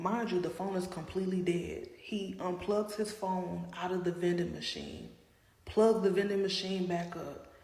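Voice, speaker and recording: A woman's voice: lowish voice, gravelly, darkish tone. A woman telling a personal story in a casual, dramatic way, often calling out to her viewers. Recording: roomy with long reverb and faint noise.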